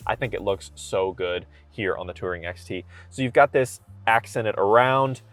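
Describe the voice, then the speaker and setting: A man's voice: fairly low pitch, moderate pace, fairly bright tone, no room sound, soft background music. Upbeat man reviewing a car. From Kentucky. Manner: upbeat, enthusiastic, conversational. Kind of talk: casual walkaround car review. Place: inside a car cabin.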